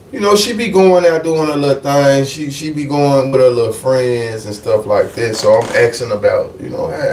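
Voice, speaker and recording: Animated man telling a storytime, roomy sound. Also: a little high, far from the mic, a little hiss or hum. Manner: animated, profane, repeats his lines for emphasis. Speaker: live streamer telling a story. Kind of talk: casual storytime.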